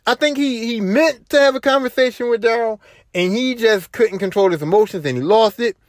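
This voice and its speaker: On his podcast, a young man with a very high voice briskly retells a story in a casual monologue, acting out what other people said. It's recorded on a home podcast mic, with clean studio sound and no echo.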